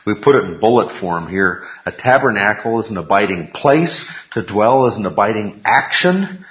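A man teaching a Bible class, emphatic, repeating key phrases and putting questions to the class. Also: lowish voice. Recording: echoey room, dull lo-fi sound.

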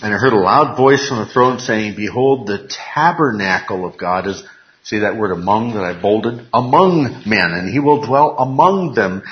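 A man teaching a Bible class, emphatic, repeating key phrases and putting questions to the class. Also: medium pitch. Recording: echoey room, dull lo-fi sound.

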